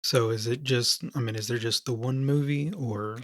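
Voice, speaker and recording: A man's voice: mid-range voice, steady tone, moderate pace, no echo. Hesitant man asking questions, dry sound. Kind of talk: casual interview questions.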